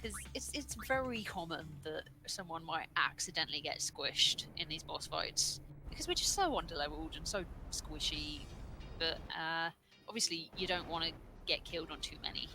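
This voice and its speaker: A woman's voice: low-pitched, expressive, moderate pace, bright, forceful tone, low-quality recording. A woman co-commentating a game speedrun in a chatty way, laughing often and asking curious questions. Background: game music.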